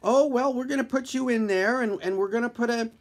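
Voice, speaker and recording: A man's voice: extremely high pitch, brisk, pitched above the performer's own voice. A man voicing an eager, breezy young male intern doctor in a comic story. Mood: chipper.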